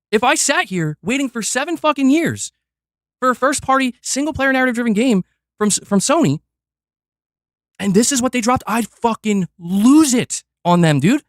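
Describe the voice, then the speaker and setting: Male gaming ranter, high lively voice, heated and profane. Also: no echo, clean studio sound. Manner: fiery, exasperated, profane, talks fast in bursts. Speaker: gaming commentator reacting to a video. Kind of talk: heated reaction rant.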